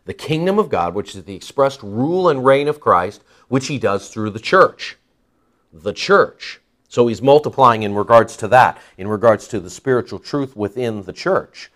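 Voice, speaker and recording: A man's voice: medium pitch, expressive, normal speed, fairly bright tone. A man preaching an expository Bible sermon, stressing key words and repeating phrases for emphasis.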